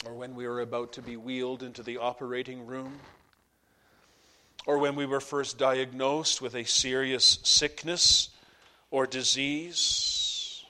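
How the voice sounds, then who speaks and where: A pastor preaching a sermon to his congregation, impassioned, swinging between loud peaks and hushed drops. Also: medium pitch, level tone, measured pace, long pauses.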